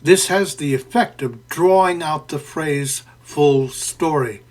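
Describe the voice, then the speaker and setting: A man giving a spoken close reading of a poem, deliberate and professorial, pausing often with "uh" and correcting himself as he explains. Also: on the high side, darkish tone. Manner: deliberate and professorial, with frequent "uh" fillers and self-corrections. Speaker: poetry lecturer. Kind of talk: spoken literary analysis.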